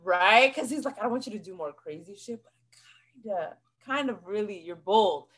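A woman in her twenties, a podcast guest, telling stories in a lively, chatty way and acting out the voices of the people she quotes. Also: medium pitch, moderate pace. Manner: animated, acts out quoted voices. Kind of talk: casual storytelling interview.

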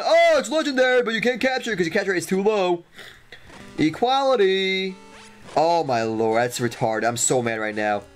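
Faint guitar music runs behind this let's play host as he jokes and exclaims his way through the gameplay, often repeating himself. His voice leans toward the high side.

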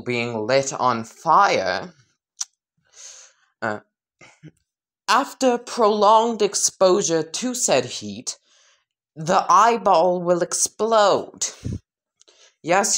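A woman's voice: low voice, a bit bright. A woman casually narrating a crude, rambling comedic fan story.

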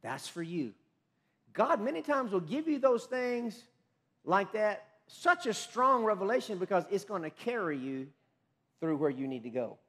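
Man, pastor, sermon, high voice, emphatic swings in volume, restarts mid-phrase. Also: very animated, a little slow. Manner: emphatic preaching, rising loud on key phrases and dropping low and quiet.

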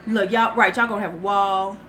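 A woman's voice: mid-range voice, fairly even intonation, fairly quick, sharp tone, poor audio. A middle-aged woman chatting casually and profanely to viewers on a beauty livestream from her porch. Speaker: beauty vlogger. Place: home porch. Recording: faint ambient noise.

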